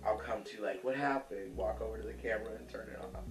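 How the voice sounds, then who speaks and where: A man's voice: lowish voice, little pitch movement, fast talker, roomy sound, far from the mic, music in the background. A man hosting a casual cooking vlog, chatty and sassy, who calls viewers honey and laughs easily.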